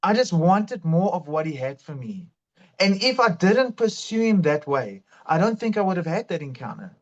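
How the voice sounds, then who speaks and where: A man's voice: high voice, big pitch swings, moderate pace. A man telling his faith testimony in an earnest, fervent way. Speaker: guest sharing testimony. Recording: dull lo-fi sound.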